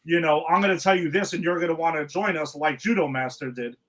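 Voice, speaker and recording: A man hosting a podcast, casually recapping an episode in a relaxed, chatty way. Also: fairly high pitch, fast talker, rough recording. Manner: recapping plot, relaxed and chatty, says "you know" often. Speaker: podcast host. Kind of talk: casual chat.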